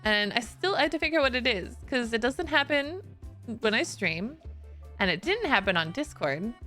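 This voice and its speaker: A woman's voice: a little high, big pitch swings, normal speed, pushed and bright, soft background music. A woman streamer telling stories in a casual chat, leaning on "like" as she talks and laughing often. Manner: chatty and storytelling, laughs often, many "like" fillers.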